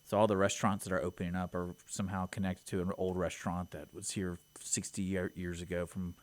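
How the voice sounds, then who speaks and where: Laid-back Texan co-host, low voice. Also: male voice, level tone, a little fast, no room sound. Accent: Texas. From Texas. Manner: laid-back, short replies. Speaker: radio show co-host. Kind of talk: casual radio banter. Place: community radio studio.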